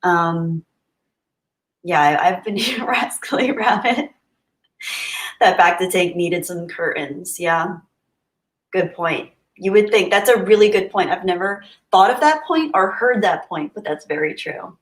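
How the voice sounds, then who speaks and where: A woman hosts a casual livestream, chatting and answering her viewers' comments as they come in. Her voice sits on the lower side for a woman. The recording has a roomy, echoing sound. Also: unhurried. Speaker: livestream host. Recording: roomy echo.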